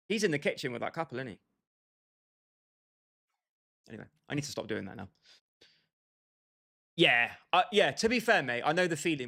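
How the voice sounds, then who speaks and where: A man's voice: medium pitch, creaky, pushed and bright. A young man livestreaming a football game, bantering and joking with his chat and calling viewers by name. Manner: bantering, jokey, talks straight to chat by name. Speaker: gaming livestreamer.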